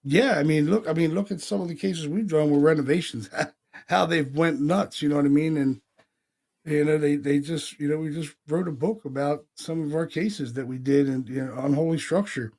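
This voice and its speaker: A man from Pennsylvania hosting a podcast, telling stories in a casual, animated way, acting out quotes and swearing freely. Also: a little high, normal speed. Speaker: paranormal podcast host. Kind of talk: casual storytelling chat.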